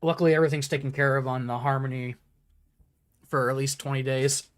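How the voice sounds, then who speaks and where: A laid-back man talks through his gameplay plans at a middle pitch. He chats loosely and jokes with a fellow player as he plays. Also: fairly even intonation, brisk. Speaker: gaming streamer. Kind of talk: casual gameplay commentary.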